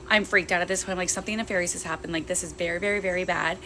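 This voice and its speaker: A young woman telling a frightening personal story in a tense, fast retelling that acts out the quotes. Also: fairly low pitch, steady tone, bright, forceful tone, a little hiss or hum. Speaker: guest. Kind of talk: casual storytelling.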